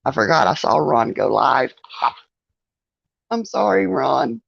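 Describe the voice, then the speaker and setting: A woman hosts a relaxed livestream, greeting her viewers one by one and laughing easily as she chats. Her voice has a gravelly, creaky edge and she takes her time with each phrase. The audio is dry and a bit dull, like lo-fi stream sound. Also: very deep voice, slow, no room sound. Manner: chatty, greets viewers by name, laughs often. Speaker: livestream host. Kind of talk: casual live-stream chat with viewers.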